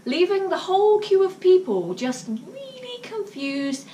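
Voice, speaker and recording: A woman's voice: extremely high pitch, sing-song, unhurried, mellow. A woman telling a casual story to camera, chatty, with lots of fillers. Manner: chatty, with many fillers and bursts of laughter. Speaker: vlogger. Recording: roomy, mic at a distance, faint noise.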